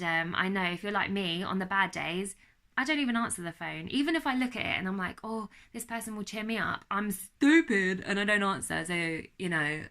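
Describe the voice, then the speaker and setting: Bright-voiced young British woman vlogging. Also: lowish voice. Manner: earnest and confiding, chatty with fillers. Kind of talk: candid personal vlog. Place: at home.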